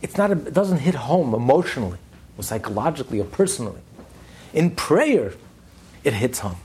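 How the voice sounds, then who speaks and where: A man lecturing a study class, animated and emphatic, repeating phrases for stress. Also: medium pitch, brisk, slight background noise. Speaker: Torah class teacher.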